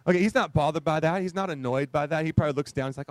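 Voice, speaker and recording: A male pastor preaching a conversational sermon, animated and full of rhetorical questions to the congregation. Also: on the high side, very fast, few pauses, no room sound.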